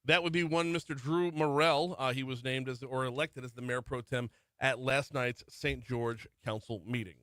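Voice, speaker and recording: A man's voice: medium pitch, fairly even intonation, moderate pace, hardly any pauses, fairly bright tone, dry recording. A middle-aged man hosting a morning talk radio show, running through the news with chatty asides. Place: radio studio. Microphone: studio microphone.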